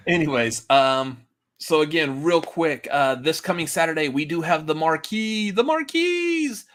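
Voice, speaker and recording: A man's voice: a little high, lively intonation, a little slow, fairly bright tone. A man hosting a movie podcast in casual, rambling chat, laughing often. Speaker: podcast host.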